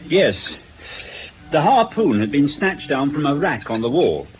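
An actor playing an earnest, frustrated police inspector in a radio drama, reporting in a plain, matter-of-fact way. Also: male voice, fairly high pitch, very animated, unhurried. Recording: tinny phone-like radio broadcast with faint hiss.

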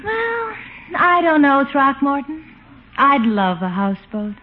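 A soft dreamy lady friend. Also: high-pitched, very animated, slow pace, slight background noise, full character voice. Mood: gentle. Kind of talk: 1940s radio acting. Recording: muffled old radio recording.

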